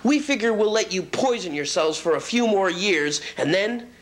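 A man voicing a disgruntled, hefty male raccoon who rants and threatens in a gruff, sneering voice. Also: lively intonation, moderate pace. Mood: ranting. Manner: ranting, with sharp swings in pitch and loudness. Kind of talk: comic story voice.

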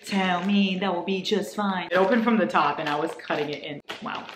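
A woman vlogging a casual book haul, gushing and excitable, jumping between loud squeals and soft asides. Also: lowish voice, brisk, roomy sound, slight background noise.

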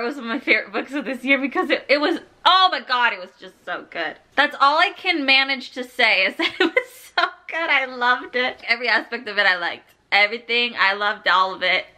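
A woman's voice: fairly high pitch, bright, forceful tone. A woman talking through her reading in a casual vlog, gushing and laughing often, with a lot of "like" fillers. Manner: heavy use of "like" fillers. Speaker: book vlogger.

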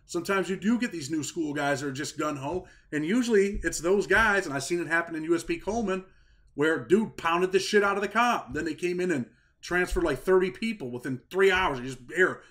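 Streetwise host with slangy leading questions. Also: male voice, a little high, fairly bright tone. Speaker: podcast host, former prisoner. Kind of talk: casual interview chat.

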